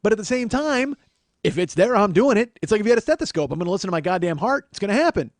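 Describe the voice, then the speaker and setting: A man's voice: high voice, very animated, rapid-fire, no room sound, clean studio sound. A man hosting a comedy podcast, telling a story as an exasperated, profane monologue. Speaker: podcast host.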